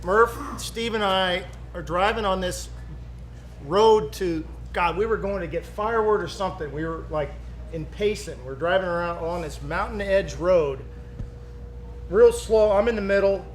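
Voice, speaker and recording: Man with a high voice telling a party story with punchy detail, faint hiss behind him. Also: moderate pace. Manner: vivid, punchy play-by-play recounting. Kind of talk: casual storytelling. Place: birthday gathering.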